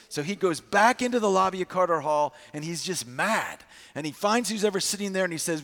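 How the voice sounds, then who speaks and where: A man preaching a sermon, telling a campus story with lively acted-out quotes before turning to scripture. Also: on the high side, quick pace. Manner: animated storyteller acting out quotes. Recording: long hall reverb.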